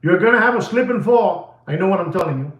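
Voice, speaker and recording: A man's voice: sits high, lively intonation, fast, fairly bright tone, echoey room, highs cut off. A man hosting a live watch-sale stream, talking in a rambling, emphatic way and repeating phrases over and over.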